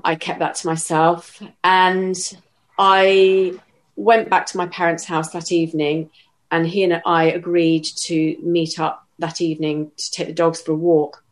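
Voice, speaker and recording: Low-voiced woman recounting an ordeal. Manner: measured, halting retelling with restarts. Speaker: interviewee. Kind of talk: personal account in an interview.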